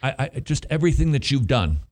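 A man's voice: medium pitch, very animated, fast, a little mellow. A man hosting a Christian talk show, emphatic and preachy with a teasing edge. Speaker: host.

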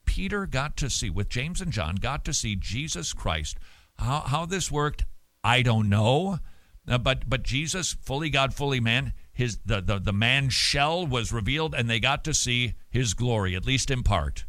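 Animated stammering male radio host. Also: medium pitch, a little slow, no echo. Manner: animated and emphatic, many restarts and stammered repeats. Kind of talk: casual listener-mail talk.

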